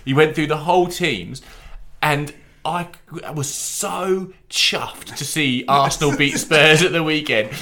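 A man's voice: a little high, a little slow. A man co-hosting a casual football podcast, telling stories with mocking impressions. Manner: animated storytelling, mocking impressions. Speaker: podcast co-host. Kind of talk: casual chat.

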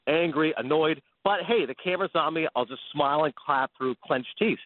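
A Canadian man on a sports radio show, telling animated stories in quick casual chat over a phone line. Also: a little high, a little hiss or hum. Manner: animated, fast storytelling with laughs.

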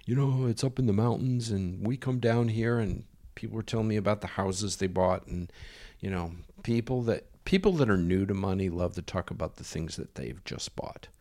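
A man recounts a personal story in a loose, meandering way, dropping in ums and quoted lines of dialogue. His voice sits low and has a gravelly, creaky texture. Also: normal speed, darkish tone. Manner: rambling, filler-heavy storytelling with quoted dialogue. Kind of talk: casual anecdote.

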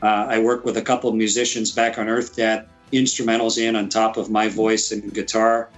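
An older man being interviewed, telling relaxed anecdotes and chuckling as he goes. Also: on the low side, moderate pace, faint music behind, low-quality recording.

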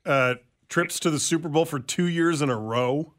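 A man from the American Midwest with a Midwestern accent, hosting a radio talk show and joking with his co-hosts. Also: fairly high pitch. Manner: animated, joking, quick to laugh. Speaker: radio host.

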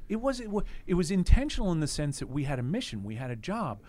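A man's voice: on the high side, big pitch swings, fast talker, darkish tone. A middle-aged man giving a candid, emotional interview on a podcast, reflecting with frequent restarts. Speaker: interview guest, former team executive.

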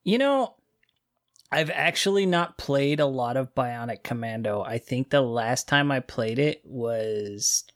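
A man's voice: medium pitch, animated, unhurried, no echo, clean studio sound. A man in his thirties in a casual roundtable chat about games, chatty and self-deprecating. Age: 30s.

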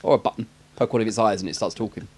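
A man's voice: fairly low pitch, fairly even intonation, racing, darkish tone. A man with an English accent chatting casually about a film with a friend, joking and laughing often. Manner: jokey, rambling, laughs often. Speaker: podcast co-host.

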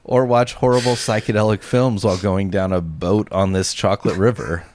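A man co-hosting a casual comedy podcast, talking in a slow, deadpan way with frequent restarts. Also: on the low side, no room sound. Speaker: podcast co-host.

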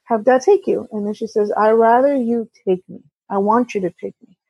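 A woman speaks in a husky, mid-pitched voice, telling a personal story with many restarts and bits of quoted dialogue. The recording is dry and dull, with a lo-fi sound. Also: no room sound. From California. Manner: candid, halting with restarts, quotes others in dialogue. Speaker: auto repair shop co-owner, guest. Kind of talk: conversational storytelling.

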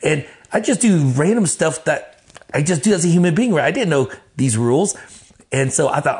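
A man telling stories as an interview guest, animated and profane, acting out the voices of the people he quotes. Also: fairly high pitch, brisk. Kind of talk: casual storytelling in an interview.

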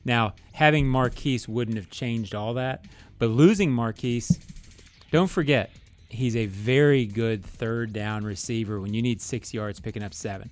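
A man co-hosting a sports talk show, breaking down roster questions in a measured, analytical way. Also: medium pitch. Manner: measured, analytical, thinks aloud with fillers. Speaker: sports radio co-host.

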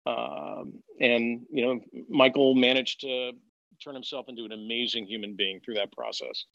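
A middle-aged man, a guest in a conversational interview, telling candid, animated stories and quoting people in lively voices. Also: medium pitch, normal speed, creaky, no echo, muffled recording. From United States.

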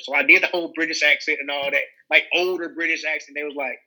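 A young man with a Southern American accent talks through his acting work in a loose interview. His voice is very bright and a bit high, and he rambles, restarting and filling gaps as he goes. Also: steady tone, brisk, rough recording. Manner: rambling, many restarts and fillers. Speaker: actor guest. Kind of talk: casual interview chat.

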